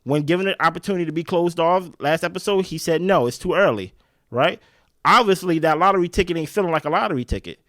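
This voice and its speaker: A man hosting a casual reality show recap, talking in an animated, slangy way. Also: a little high, quick pace, dry recording, studio quality. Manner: animated, slangy, jumps into quoted voices.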